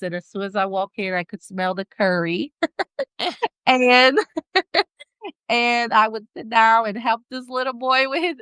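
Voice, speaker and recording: Smooth-voiced woman with an accent. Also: a little high, pushed and bright, no room sound. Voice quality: non-native English accent. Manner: laughs often, searches for words. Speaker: podcast guest. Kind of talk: casual interview chat.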